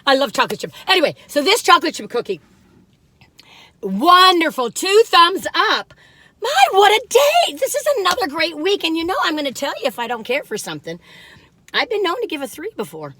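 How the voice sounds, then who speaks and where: A woman's voice: lowish voice, pushed and bright, husky. A woman in her sixties, chatting casually in a taste-test vlog and giggling and exclaiming over the food. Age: 60s. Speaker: food reviewer.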